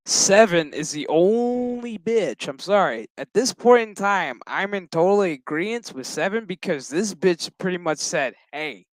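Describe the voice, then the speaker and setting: Guy doing a laid-back show recap, cursing a lot, drawn-out delivery, dry sound. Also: fairly high pitch, sing-song, no echo, poor audio. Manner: profane, rambling, jokey. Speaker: show reviewer. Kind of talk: casual episode recap.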